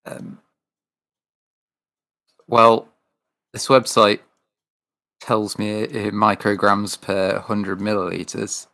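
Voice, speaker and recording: A man's voice: fairly low pitch, little pitch movement, creaky, pushed and bright. A man, chatting hesitantly on a casual podcast. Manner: hesitant, halting, many ums. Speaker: podcast co-host. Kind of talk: casual chat.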